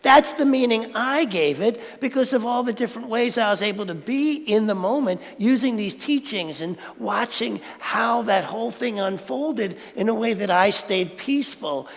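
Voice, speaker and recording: A man's voice: high-pitched, expressive, moderate pace, few pauses. A man giving a conversational sermon at a spiritual centre, playful and asking the audience questions. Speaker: spiritual speaker. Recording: reverberant hall.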